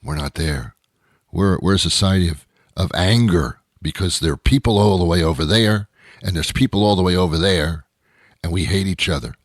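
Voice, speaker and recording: Host, male, very low voice, dry close sound, wry rambling monologue. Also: dry recording. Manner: wry, rambling, with dramatic pauses. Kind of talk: comedic monologue.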